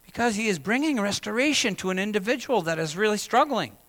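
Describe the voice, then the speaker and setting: Male pastor, high and tense-toned, conversational sermon delivery in a long-reverb sanctuary. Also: expressive, fast talker, fairly bright tone. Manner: conversational, asks the congregation questions.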